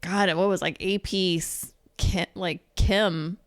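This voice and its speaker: A woman's voice: fairly low pitch, fairly even intonation, slow, no echo. A woman in her thirties co-hosting a podcast, chatting casually and rambling with many restarts. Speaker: podcast co-host. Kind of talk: casual chat.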